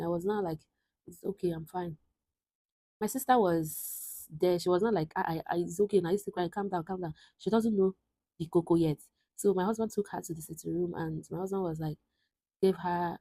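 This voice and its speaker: A young woman in her twenties speaks with a husky, mellow voice that sits a little low. She talks to camera in an earnest, reflective way, pausing and restarting as she works through a personal story. The sound is close and dry, with no room around it. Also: dry recording, poor audio. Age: 20s. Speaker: vlogger.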